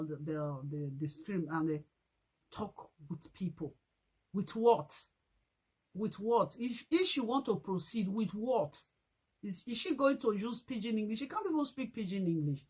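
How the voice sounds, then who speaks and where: A woman's voice: fairly high pitch, fairly bright tone, husky, low-quality recording. A Nigerian woman vlogging a scolding rant, repeating her points and mixing in pidgin slang. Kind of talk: ranting commentary vlog.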